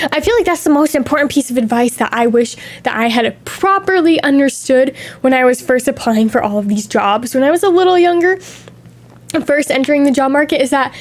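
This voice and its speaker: A young woman streamer talking in a casual, candid chat, drifting from one tangent to the next, a little sniffly from allergies. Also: high-pitched.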